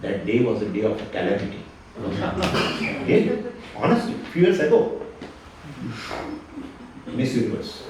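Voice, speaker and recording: A man giving a spiritual lecture, lively and fond of rhetorical questions and repeated phrases. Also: lowish voice, a little slow, pauses often, far from the mic. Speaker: Vedanta teacher. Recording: echoey hall, speaker away from the mic, faint noise.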